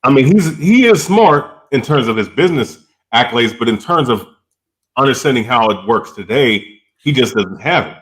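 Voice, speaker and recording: A man in a casual wrestling debate with a mid-pitched voice that rises and falls a lot. He talks in loose, self-correcting runs and keeps checking in with "you know what I'm saying?". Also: animated, moderate pace, fairly bright tone.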